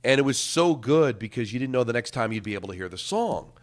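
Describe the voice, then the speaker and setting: A man's voice: mid-range voice, expressive, quick pace. A middle-aged man, hosting sports talk radio and rambling, repeating words as he thinks.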